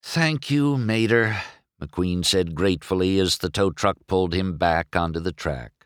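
A man narrating a children's storybook aloud in an animated, expressive way. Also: low voice, moderate pace, clear, resonant tone, dry recording, studio quality.

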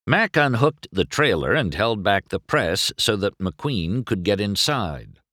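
A man reading a storybook chapter aloud slowly and with lots of expression. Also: husky, no room sound, clean studio sound. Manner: slow, highly animated reading. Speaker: narrator.

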